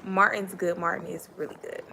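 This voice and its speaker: A woman's voice: fairly low pitch, little pitch movement, a little fast, gravelly, pushed and bright, a little hiss or hum. A woman, hosting a casual live stream and chatting directly to her viewers. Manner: chatty, addresses viewers as y'all.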